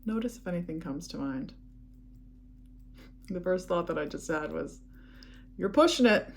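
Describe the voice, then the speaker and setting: A woman leading a guided EFT tapping session, speaking calm, repetitive affirmations. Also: sits low, moderate pace, creaky, slight background noise.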